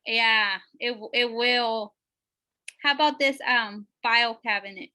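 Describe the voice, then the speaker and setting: A woman teaching a math lesson, asking her students questions and often pausing with fillers. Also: a little high, sharp tone. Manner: checks in with questions, many fillers.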